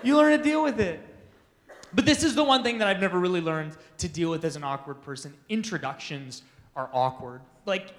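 A man speaking at a youth conference in a notably high-pitched voice. He tells self-deprecating stories with lots of energy and laughs through the funny parts. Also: animated, a little fast, a bit bright, in a large hall. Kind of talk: storytelling talk to teens.

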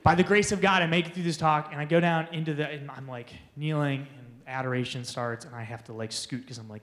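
A man telling funny, self-deprecating stories as a youth conference speaker to teens, animated and laughing as he goes. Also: on the high side, quick pace, hardly any pauses, big-room sound. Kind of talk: storytelling talk to teens.

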